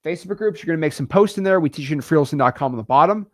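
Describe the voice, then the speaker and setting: A man's voice: fairly high pitch, expressive, rapid-fire, dry recording, studio quality. A man from Florida, teaching a wholesaling course in a casual joking way and peppering his talk with "okay" and "all right". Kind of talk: casual joking lesson to camera.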